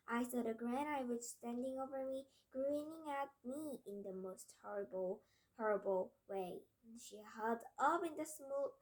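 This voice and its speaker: A woman reading a children's novel aloud in an earnest tone, with small stumbles and restarts. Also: a little high. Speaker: reader. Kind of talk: storybook read-aloud.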